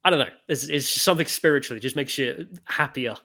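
A young man telling stories in a casual conversation, blunt and quick to swear. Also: medium pitch, vocal fry. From United Kingdom. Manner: animated storyteller, blunt and swearing.

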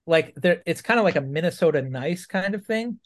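A man's voice: a little high, lively intonation, brisk. A man from Maine in casual conversation, chatty, laughing often and restarting his sentences. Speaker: podcast guest. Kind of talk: casual chat.

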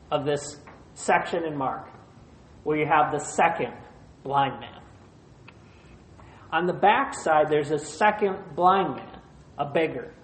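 A pastor preaching a sermon in short, measured phrases, retelling a scripture passage. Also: mid-range voice. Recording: roomy echo.

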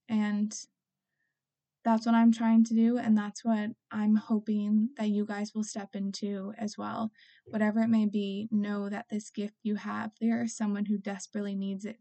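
Young woman rambling through a story, gravelly fry, mellow dark tone, pretty flat. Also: on the high side. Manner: chatty, lots of "like" and laughing asides. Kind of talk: casual storytelling monologue.

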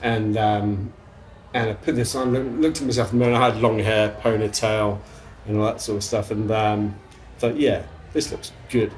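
A middle-aged English man, a chef, telling stories from his career in a casual interview, with restarts, throat clearing and casual swearing. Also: on the low side, fairly even intonation, moderate pace, a little mellow, slight background noise. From England. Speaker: chef guest.

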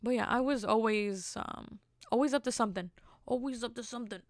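Young female podcast host, casual solo storyteller, gravelly fry, dry close mic, rambling and self-amused. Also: on the high side, fairly quick, no echo.

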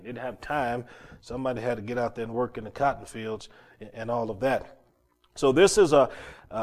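A man preaching and telling stories, often repeating words and climbing louder as he gets worked up. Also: mid-range voice. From North Carolina, USA. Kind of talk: sermon storytelling.

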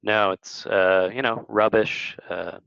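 Deep-voiced man telling rambling stories. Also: fairly even intonation, slow, gravelly, a bit bright, clean tone, dry recording, highs cut off. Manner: rambling, storytelling with many fillers. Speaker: podcast guest. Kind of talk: casual interview chat.

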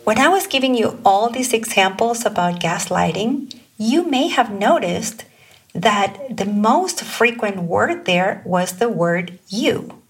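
A woman coaching on communication in a calm instructional talk, speaking slowly and deliberately and reading example phrases aloud. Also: mid-range voice, breathy edge, recorded from a distance, faint music behind.

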